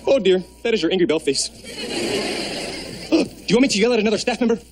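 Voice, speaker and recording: A man's voice: high voice, lively intonation, a little fast, very noisy. An actor playing a fussy, devoted male hotel bellhop with a theatrical, fretting manner. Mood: fretful. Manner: theatrical, fussing.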